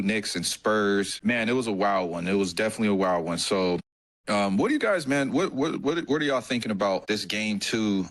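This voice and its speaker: Slangy relaxed male sports podcast host. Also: lowish voice, poor audio. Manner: relaxed, loose slang-heavy talk with restarts. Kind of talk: casual sports chat.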